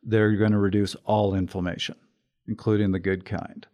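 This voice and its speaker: A man co-hosting a podcast, explaining a point in a measured, cautious way. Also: fairly low pitch, little pitch movement, dark tone. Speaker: podcast co-host. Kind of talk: casual podcast discussion.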